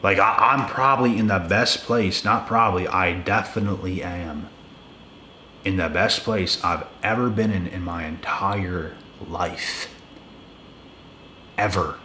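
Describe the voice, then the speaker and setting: Young man, lowish voice with a bright, forceful edge, blunt profane rant, echoey room. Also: measured pace, slight background noise. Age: young adult. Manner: profane, emphatic, repeats himself. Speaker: video creator. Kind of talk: blunt casual rant to camera. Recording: echoey room with faint ambience.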